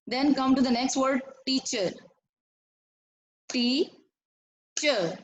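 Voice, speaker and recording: A woman's voice: high-pitched, low-quality recording. A woman teacher with a Pakistani English accent, giving a recorded lesson and explaining step by step, often repeating herself and asking the students questions.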